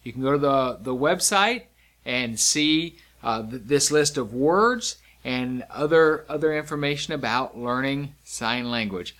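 A man teaching a sign language lesson, repeating each word slowly and clearly with expressive emphasis. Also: medium pitch. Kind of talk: slow, deliberate instructional lesson.

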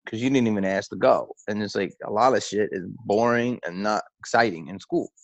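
A man's voice: fairly low pitch, a little fast, dry recording, dull audio. A comedian being interviewed, telling loose rambling stories and acting out the people he quotes. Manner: loose, rambling storyteller who acts out quotes. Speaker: comedian guest. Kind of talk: casual interview talk.

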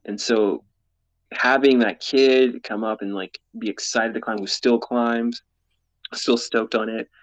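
A man's voice: on the low side, no room sound, poor audio. Earnest, rambling man guest. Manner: earnest, rambling, laughs often. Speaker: guest, mountaineer and explorer. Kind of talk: candid interview talk. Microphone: podcast mic, camera off.

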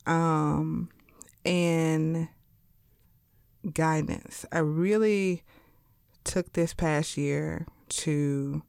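A woman talks in a slow, easygoing way, with a lower voice than most. She tells stories with lots of life and slips into high, playful voices to act out her own thoughts. The sound is close and dry. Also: fairly even intonation, gravelly, a little mellow, clean tone, no echo. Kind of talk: casual chat.

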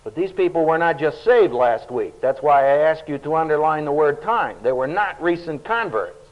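A man's voice: on the high side, normal speed. A man teaching a Bible study, speaking emphatically with a dry humor, on a dull lo-fi recording. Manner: emphatic, animated, dryly humorous.

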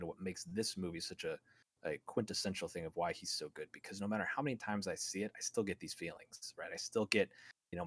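A man with a fairly low voice talks through a film on a podcast, enthusiastic and rambling, often restarting his sentences. The recording is dry and close, with no room sound. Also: no echo. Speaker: podcast co-host. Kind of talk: casual film podcast monologue.

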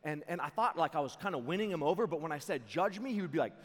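A young man preaching to a camp crowd, telling a story in an excitable, animated way and laughing along. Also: a little high, rapid-fire. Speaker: camp speaker. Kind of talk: storytelling sermon to a youth camp. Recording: long hall reverb.

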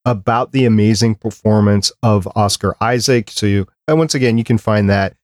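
A man's voice: fairly low pitch, normal speed, no room sound, studio quality. A man hosting a casual fan podcast, chatting with enthusiasm and wrapping up the show. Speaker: podcast host.

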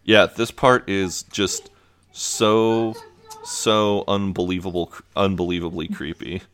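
A man's voice: sits low, little pitch movement, a bit bright, smooth. A man co-hosting a podcast, casually retelling a TV episode scene by scene and quoting the characters. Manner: retells scenes with quick quoted lines, laughing. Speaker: podcast co-host. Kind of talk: casual recap chat.

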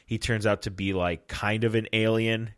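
A man's voice: lowish voice, level tone, moderate pace, a bit bright, clear, resonant tone, no echo, clean studio sound. A man in casual chat, laid-back, giving short reactions and swearing casually.

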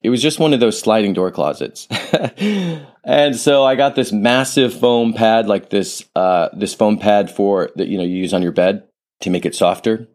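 A man's voice: lowish voice, moderate pace, a little mellow. A man hosting a solo podcast, talking in a reflective, rambling way, drifting into tangents and restarting his sentences. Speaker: podcast host and author. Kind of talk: casual solo podcast monologue. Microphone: podcast studio microphone.

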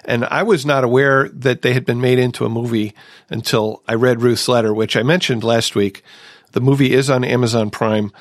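A man's voice: mid-range voice, fairly even intonation, moderate pace, no echo, studio quality. A man hosting a recovery podcast, sharing his own experience in a reflective, casual way. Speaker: podcast host.

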